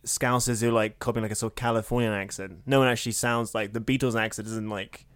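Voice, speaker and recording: A man's voice: on the low side, fairly even intonation, fast talker, a bit bright, smooth, no echo, clean studio sound. A man with an English accent with a slight American tinge, co-hosting a podcast in a jokey, rambling casual chat. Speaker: podcast co-host.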